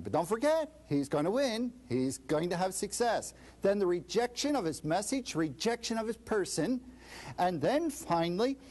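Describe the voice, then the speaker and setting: A man with a high, very lively voice explains a scripture passage as an interview guest. He talks emphatically and dramatizes the voices of the people he quotes. His pitch swings widely from phrase to phrase. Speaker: Bible scholar guest. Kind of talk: expository interview answer.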